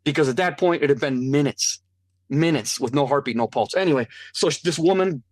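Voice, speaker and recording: Animated man with a higher voice. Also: brisk, no echo, studio quality. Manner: earnest, animated, acts out quoted voices. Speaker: interview guest. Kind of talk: personal testimony storytelling.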